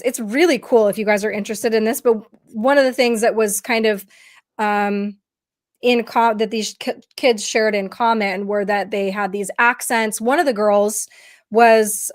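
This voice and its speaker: A woman podcast co-host telling stories in casual conversation, with many fillers and restarts. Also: fairly high pitch.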